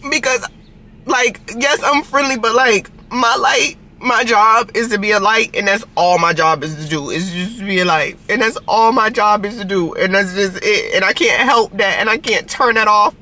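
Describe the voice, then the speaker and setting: A woman's voice: medium pitch, normal speed, pushed and bright. A young woman, chatting casually to camera for her vlog, telling stories in an earnest, rambling way and acting out both sides of conversations. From Norfolk, Virginia. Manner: earnest, rambling storytelling with quoted back-and-forth. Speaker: vlogger.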